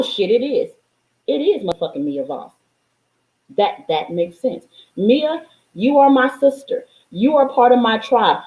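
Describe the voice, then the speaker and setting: A woman's voice: a little high, echoey room, rough recording. A woman hosting a spiritual live stream, preaching in a blunt, profane, fiery style and greeting viewers by name. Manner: blunt and profane, calls out listeners.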